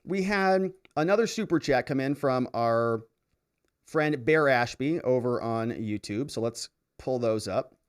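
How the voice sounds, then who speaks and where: A man's voice: mid-range voice, measured pace, clear, resonant tone. A man hosting a live stream, reading viewer comments aloud and reacting with frequent laughter and exclamations. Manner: animated, laughs often, reacts loudly to comments. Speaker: livestream host reading viewer chats. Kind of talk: casual live-stream chat.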